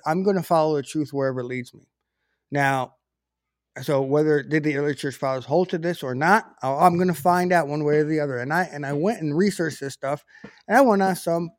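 A man's voice: a little high, no room sound, studio quality. A man giving an informal Bible teaching, talking conversationally with frequent restarts and self-corrections.

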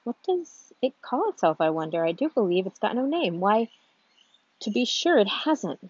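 A woman's voice: mid-range voice, sing-song, moderate pace, darkish tone, breathy edge, dry recording, muffled recording. A woman voicing a curious little girl who rambles thoughtfully to herself, a bit timid. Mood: puzzled. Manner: musing, thoughtful, slightly timid.

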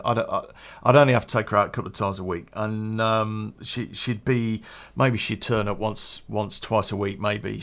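Guy telling a story, loose and rambling, lots of swearing and restarts. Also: lowish voice. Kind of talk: casual spoken storytelling.

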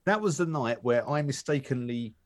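A man's voice: medium pitch, lively intonation, normal speed. A man, co-hosting a casual chat and rambling through anecdotes. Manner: rambling anecdotes with many fillers and restarts. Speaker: podcast co-host.

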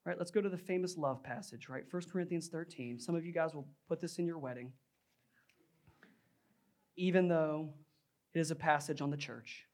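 A man's voice: on the high side, normal speed, long pauses, darkish tone. A young adult male pastor preaching a sermon in a conversational, storytelling way, often saying "like" and "right?".

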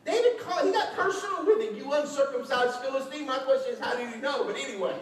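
A man preaching a lively sermon as a pastor, acting out quotes with shouts and laughter. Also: very high-pitched, fast. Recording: echoey hall, distant mic, faint noise.

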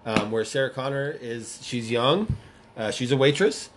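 Lively joking man in casual chat. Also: medium pitch, normal speed, background noise. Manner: joking, teasing banter. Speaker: podcast co-host. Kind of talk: casual movie-review chat.

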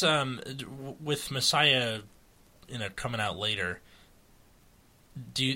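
An American man with a lowish, bright and forceful voice chats casually as a co-host. He rambles along, stopping and restarting his sentences and leaning on fillers. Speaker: podcast co-host. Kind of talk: casual chat about a card game.

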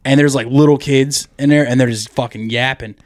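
This comedy podcast co-host speaks fairly quickly at a medium pitch, keeping his tone steady, and the recording is dry with clean studio sound. It's a casual show, and his stories ramble, swear a lot and include him playing the characters involved.

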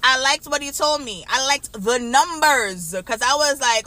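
A young adult woman, casually telling her story straight to viewers in an animated, chatty way. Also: high voice, a little slow. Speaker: vlogger.

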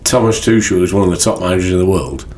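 A man's voice: deep voice, quick pace, background noise. A man co-hosting a football podcast, chatting casually with a dry, teasing manner, recorded in a room beside a TV screen. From England. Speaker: podcast co-host. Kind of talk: casual chat.

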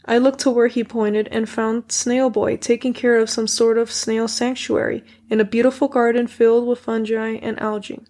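A woman reading a children's story as an audiobook in a steady first-person narration. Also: fairly high pitch, moderate pace, hardly any pauses. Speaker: audiobook reader.

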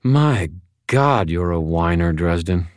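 A man's voice: low voice, expressive, slow, smooth, no room sound. A man voicing a tough, weary woman police detective in an audiobook, with a blunt, dry way of talking. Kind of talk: audiobook character voice.

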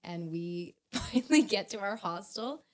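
A young woman, a podcast guest telling a story in a casual, animated way, laughing and swearing often. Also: medium pitch, unhurried.

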